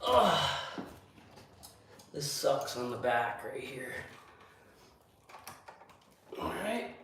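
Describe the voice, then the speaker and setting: Grumbling and swearing to himself and his viewers, a building contractor talks while working in a casual vlog inside a windowless building under construction. His mid-range voice is sing-song and a bit bright, with drawn-out words. The room echoes, the mic is distant, and there is faint noise.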